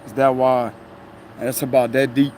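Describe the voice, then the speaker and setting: A man streaming tarot content live from outside, near a tree and traffic, speaks in a mid-range, darkish voice with little pitch movement at a moderate pace. His casual chat rambles, full of laughter and "you know what I'm saying," against slight background noise.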